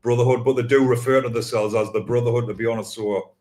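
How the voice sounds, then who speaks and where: Male podcast host, easygoing, quiet, mid-pitched voice. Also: steady tone, fast. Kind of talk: casual podcast chat.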